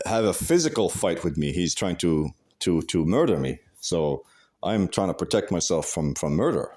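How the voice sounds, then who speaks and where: Deep-voiced man ranting with heavy cursing. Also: darkish tone. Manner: profane and agitated, heavy cursing and restarts. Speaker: vlogger. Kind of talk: casual rant.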